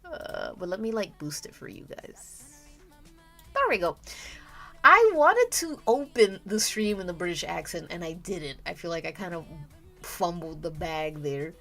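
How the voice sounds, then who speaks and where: A young woman streaming her drawing session, drifting through half-finished sentences and frequent laughs. Her pitch swings widely even though her pace stays slow. Soft music plays quietly underneath. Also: vocal fry. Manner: rambling, self-interrupting, laughs often. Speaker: art streamer. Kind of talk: casual live-stream chat. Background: soft background music.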